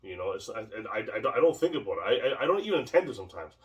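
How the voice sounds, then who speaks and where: A man's voice: on the low side, sing-song, rapid-fire, recorded from a distance. A man teaching martial arts drills in a casual, rambling way, often repeating words as he demonstrates. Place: home training space.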